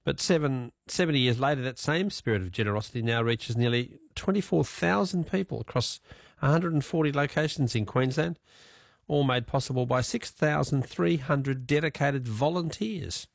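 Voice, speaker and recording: Aussie male talkback host, gravelly, dry studio sound, chatty and musing. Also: mid-range voice, normal speed, no echo. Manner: chatty, musing aloud, chuckles often. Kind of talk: casual radio chat with callers. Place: radio studio.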